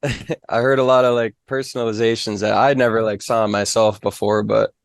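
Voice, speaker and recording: A man's voice: on the low side, fairly even intonation, a little fast, vocal fry, no echo, studio quality. A young man from the Fargo area, a weather reporter and guest, talking in a modest, easygoing way full of "like". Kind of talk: casual interview.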